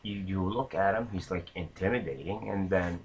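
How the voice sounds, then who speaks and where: A man's voice: sits low, normal speed, slight background noise, low-quality recording. A man casually telling a long anecdote, rambling with many fillers and restarts. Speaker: storyteller.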